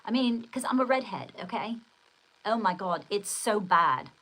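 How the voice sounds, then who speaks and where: A woman's voice: mid-range voice, animated, moderate pace, a bit bright, poor audio. An older woman hosting a casual livestream, chatting in a rambling, exclamatory way and reading out viewer comments. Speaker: livestream host.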